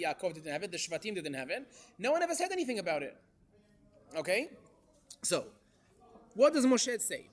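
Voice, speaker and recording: Animated man teaching a class. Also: sits high. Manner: animated, questions the class, Hebrew verse quotes. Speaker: Torah teacher. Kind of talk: interactive Torah class.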